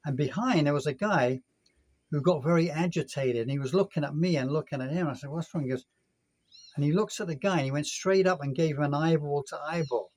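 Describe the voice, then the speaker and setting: A man's voice: on the high side, fairly quick, darkish tone. A man in his sixties from the United Kingdom, telling a rambling story in a casual vlog rant. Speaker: vlogger.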